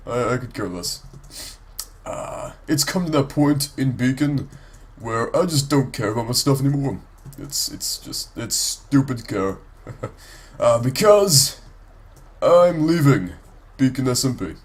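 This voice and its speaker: A man's voice: mid-range voice, animated, a little slow, pauses often, husky. A sick man with a congested, nasal voice gives rambling, casual gameplay commentary for his let's play, full of ums and restarts.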